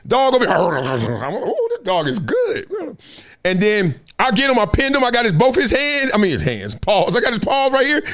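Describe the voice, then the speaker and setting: A fairly high-pitched man with a lively, swooping voice hosts a live sports talk show. He tells stories in loose, casual slang and laughs often. He slips into other people's voices as he talks. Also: fast talker, few pauses.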